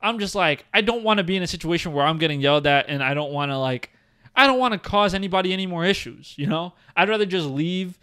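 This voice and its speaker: Young male podcast co-host, clear tone, slightly higher register, animated casual storyteller. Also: fast talker. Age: young adult. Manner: animated storytelling, heavy use of "like" and "bro". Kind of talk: casual chat. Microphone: studio podcast mic, seated.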